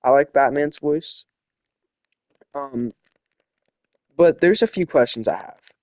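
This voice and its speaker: A young man, not from South America, hosts a laid-back opinion chat in a slow, expressive, slightly mellow medium-pitched voice with no room sound. He rambles and states strong views, leaning heavily on fillers.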